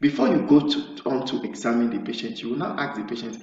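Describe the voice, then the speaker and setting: A man's voice: medium pitch, quick pace. A man tutoring nurses for an English speaking exam, explaining step by step and often restarting his phrases. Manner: explanatory, acts out sample nurse-patient dialogue. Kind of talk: spoken lesson. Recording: roomy, distant, dull sound.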